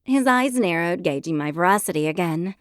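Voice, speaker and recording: A woman's voice: on the low side, expressive, fairly quick, no room sound. A woman narrating a first-person audiobook in a wry, self-mocking storytelling manner, close to a studio mic.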